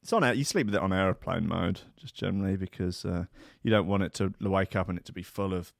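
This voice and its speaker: A man's voice: deep voice, quick pace, vocal fry, dry recording, clean studio sound. A man as podcast host, doing a sweary comedic monologue that keeps slipping into voices and outbursts. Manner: animated, sweary, slips into voices and shouts.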